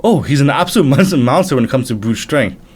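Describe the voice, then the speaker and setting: A man's voice: mid-range voice, expressive, a little fast, breathy edge. A man reviewing comics, reading aloud live and reacting with casual, laughing asides. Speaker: manga reviewer.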